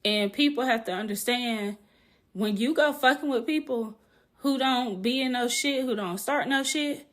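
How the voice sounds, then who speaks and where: A woman hosting a casual podcast, telling a story in an animated, blunt way, laughing often and swearing casually. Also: on the high side, normal speed. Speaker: podcast host.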